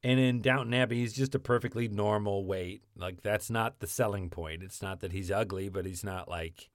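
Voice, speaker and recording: A man in a relaxed podcast chat about actors and TV shows, rambling and animated with lots of restarts. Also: lowish voice, moderate pace, no room sound, studio quality.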